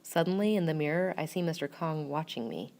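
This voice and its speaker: A woman reading a first-person story aloud in a measured, wry way. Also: sits low, lively intonation, a little mellow. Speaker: narrator.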